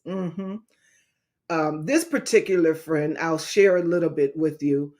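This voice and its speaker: A woman's voice: low-pitched, a little slow, darkish tone. A middle-aged woman evangelist in a casual livestream talk, speaking in an emphatic, repetitive, preacher-like way.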